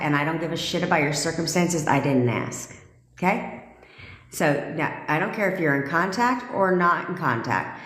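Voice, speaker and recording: Woman live-streaming as a coach, low voice, tough and foul-mouthed, a roomy echo around her. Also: a bit bright. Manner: bossy, blunt and profane, with frequent "okay?".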